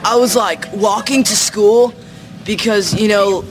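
A man playing a dim, rambling teenage boy in a sketch, talking slowly and aimlessly. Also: sits high, fairly even intonation, music in the background, poor audio. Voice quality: slow, aimless mumbling delivery.

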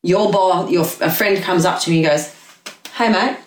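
Animated woman telling a story, echoey and distant. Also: fairly low pitch, fairly quick. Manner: animated storyteller, swears casually. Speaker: dog behaviour guest. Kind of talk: casual chat.

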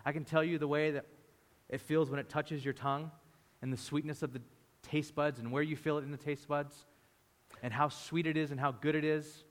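A man preaching a sermon as a pastor, telling the story with lively energy and playing the disciples' voices. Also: on the high side, brisk. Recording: long hall reverb.

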